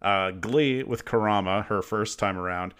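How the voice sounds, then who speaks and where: Low-voiced joking male co-host. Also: unhurried, fairly bright tone, clean tone. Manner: joking, stumbles and restarts. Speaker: podcast co-host. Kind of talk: casual chat.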